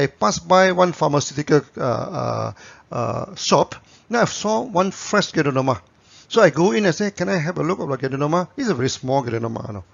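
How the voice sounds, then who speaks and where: A man's voice: fairly high pitch, creaky. A man, a company founder telling anecdotes in a promotional talk to camera, tagging his sentences with "you know". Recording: dull lo-fi recording.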